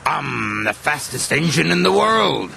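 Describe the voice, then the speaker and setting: A man's voice: on the low side, sing-song, unhurried, vocal fry, background noise, heavily acted. A man voicing a sneering, boastful male diesel engine in a storybook reading. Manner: mocking, boastful. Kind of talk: storybook character voice.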